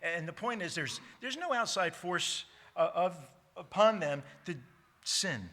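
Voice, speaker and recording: A man preaching a sermon as pastor, emphatic, slowing down to stress key words, with frequent restarts. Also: sits high, animated, bright, forceful tone. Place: church sanctuary.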